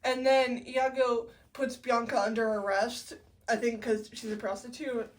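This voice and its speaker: A woman's voice: on the high side, little pitch movement, unhurried, distant mic. A woman casually recapping a play as co-host, chatty with wry asides.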